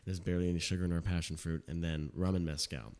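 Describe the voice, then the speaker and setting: A young bartender, a guest on a casual podcast, tells stories rapidly and acts out his customers, quoting them in his own voice. He speaks low, with fairly even intonation and a darkish tone.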